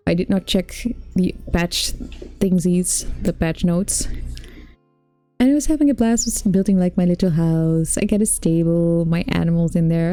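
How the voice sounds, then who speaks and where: A woman streamer chatting casually while gaming, telling stories with sudden excited outbursts. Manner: animated storytelling with sudden high excited outbursts.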